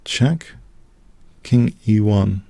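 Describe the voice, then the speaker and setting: A man's voice: lowish voice, lively intonation, very slow, vocal fry, noisy background. A man streaming live blitz chess, thinking aloud and muttering moves in short clipped phrases.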